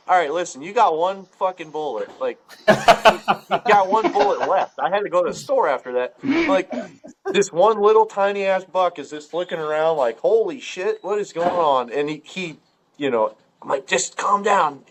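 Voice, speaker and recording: Animated, laughing Ohio hunting storyteller man. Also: high-pitched, normal speed. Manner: animated, laughing, swearing, heavy on "like". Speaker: podcast guest. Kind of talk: casual storytelling.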